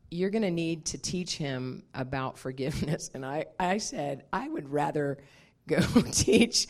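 A woman minister preaching a sermon, telling a personal story in an animated way and laughing often. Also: deep voice.

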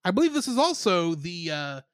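A man's voice: high voice, very animated, fairly quick, clear, resonant tone, no room sound, studio quality. A man co-hosting a casual podcast review, chatty and giggling often as he runs through the cast. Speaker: podcast co-host.

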